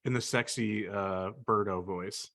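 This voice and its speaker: A man's voice: lowish voice, fairly even intonation, unhurried, vocal fry, fairly bright tone. A man co-hosting a casual gaming podcast, making wry, jokey asides. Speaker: podcast co-host.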